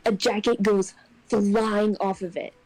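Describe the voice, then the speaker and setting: A young woman casually telling a personal ghost story on a podcast, getting animated when she acts out what people said. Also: mid-range voice, takes it slowly, no room sound, low-quality recording. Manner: animated, acts out quotes in raised voice. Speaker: podcast co-host.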